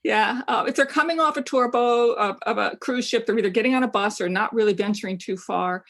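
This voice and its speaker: A woman's voice: on the high side, a little fast, fairly bright tone. A woman from Maine, a travel guidebook writer, chatting enthusiastically as an interview guest, with frequent fillers and restarts. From Maine, USA. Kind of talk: casual interview chat.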